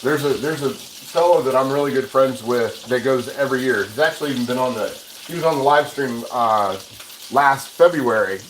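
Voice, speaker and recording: At a moderate pace and medium pitch, a man rambles chattily through a cooking livestream, frequently starting over as he cooks at his home kitchen stove and answers comments from viewers. A sizzling pan and running water fill the background, leaving the recording noisy with frying sizzle.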